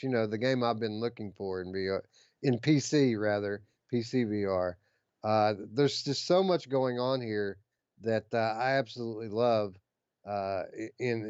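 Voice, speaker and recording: A man's voice: mid-range voice, darkish tone, clear, resonant tone, no echo, highs cut off. A man co-hosting a podcast, chatting eagerly about gaming news and reading out details with plenty of fillers. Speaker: podcast co-host.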